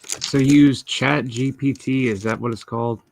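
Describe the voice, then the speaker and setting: A man in a casual group chat, asking curious, halting questions. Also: mid-range voice, fairly even intonation, gravelly.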